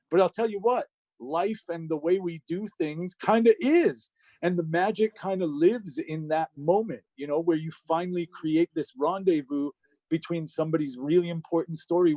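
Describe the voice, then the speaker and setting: A man's voice: a little high, warm tone, no echo. Emotional man telling a story. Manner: casual and profane, with many fillers. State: emotional, close to tears. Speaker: guest record producer and engineer. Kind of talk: casual storytelling in an interview.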